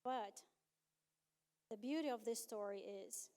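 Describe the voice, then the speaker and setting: A middle-aged woman giving a personal testimony at a conference, telling her story with animated back-and-forth dialogue. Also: on the high side, takes it slowly, clean tone. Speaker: conference speaker.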